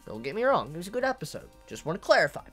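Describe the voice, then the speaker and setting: A woman reviewing anime in an angry rant, swearing and exasperated, swinging from low muttering to loud outbursts. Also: very animated, very fast, breathy edge, faint music behind.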